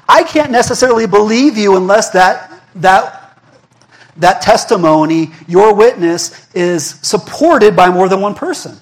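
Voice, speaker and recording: High-voiced man preaching to a congregation. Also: lively intonation, a little slow. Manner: conversational preaching, asks the congregation questions; repeats words and restarts, emphatic. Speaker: pastor. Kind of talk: sermon.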